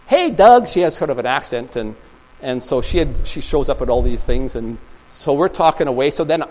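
A pastor delivers a rambling, story-filled sermon at a small church, frequently starting sentences over. He speaks fairly quickly at medium pitch with a slightly mellow tone, though the audio is poor.

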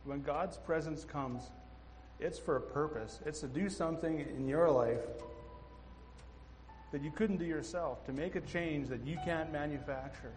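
A man's voice: on the high side, a little slow, darkish tone, poor audio. A man preaching earnestly as pastor, asking the congregation questions. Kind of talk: sermon exhortation over music. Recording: live church with music playing behind.

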